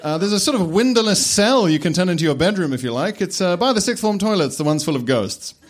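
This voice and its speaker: A man's voice: high-pitched, expressive, fast, voice pushed up. A crude, lazy old wizard headmaster who drawls casually and swears freely, as a man puts him on. He is a comic storybook figure with a gleeful, chuckling manner. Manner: laid-back, swearing, chuckling.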